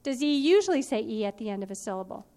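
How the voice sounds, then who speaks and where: High-voiced lady teaching spelling rules, patient and clear. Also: big pitch swings, quick pace, mellow. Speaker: phonics teacher.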